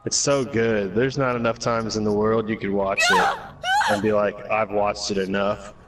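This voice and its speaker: A man's voice: lowish voice, moderate pace, noisy background. Rambling, foul-mouthed gamer guy. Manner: rambling, profane storytelling. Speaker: gaming streamer. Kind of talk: casual chat while gaming. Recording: voice over loud game music.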